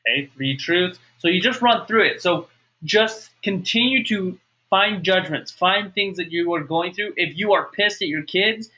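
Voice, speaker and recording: A man's voice: sits high, a little slow, bright, forceful tone. A man coaching a webinar group on fitness and mindset, upbeat, often checking for questions. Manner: upbeat, repeats okay and asks for questions. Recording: muffled lo-fi webinar audio.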